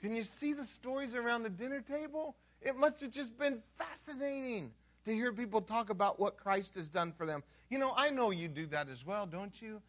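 A male pastor preaching a sermon in an animated, conversational way, asking the audience questions and acting out characters. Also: very high voice, normal speed, hardly any pauses. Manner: animated storytelling, acts out characters.

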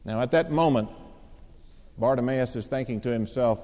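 A man's voice: mid-range voice, animated, normal speed, warm tone. A man preaching a sermon, telling a story dramatically and acting out the voices of its people. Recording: long hall reverb.

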